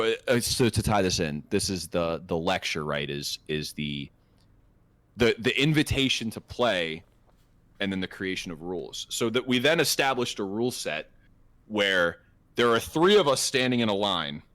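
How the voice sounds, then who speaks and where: A young man in his twenties tells a casual story on a podcast. His low voice swings widely in pitch, and he rambles, swears freely and restarts his sentences often. The recording is close and dry. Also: fairly bright tone, no echo. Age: 20s. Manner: rambling and profane, with many fillers and restarts. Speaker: podcast co-host.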